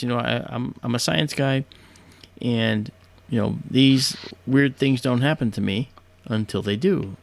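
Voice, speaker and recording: A man's voice: medium pitch, vocal fry. A man hosting a livestream, telling a story casually in a hesitant way full of fillers and restarts. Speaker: livestream host.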